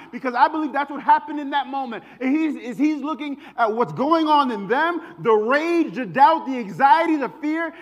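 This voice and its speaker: A man preaching a conversational sermon, swinging between hushed asides and emphatic lines. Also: extremely high pitch. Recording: long hall reverb.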